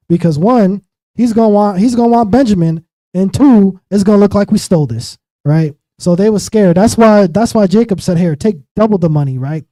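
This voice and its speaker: Man, bible study teacher, casual slangy explanations, very dark mellow voice, dry close sound. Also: sits high, fairly quick, no echo, poor audio. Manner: casual and animated, acting out the biblical figures in everyday slang. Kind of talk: sermon-style Bible teaching.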